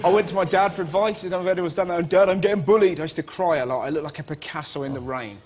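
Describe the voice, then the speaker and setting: Young man telling comic stories. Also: racing. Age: 20s. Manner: animated storyteller, jumps to high squeals for quoted voices. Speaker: comedian guest. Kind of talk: anecdotal chat show storytelling. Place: TV studio with audience.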